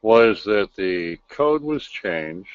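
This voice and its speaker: Running a voice chat room, a man lays down the rules in a stern, gloating way, his fairly low voice smooth, animated and very slow. The casual chat comes through as dull lo-fi voice chat audio.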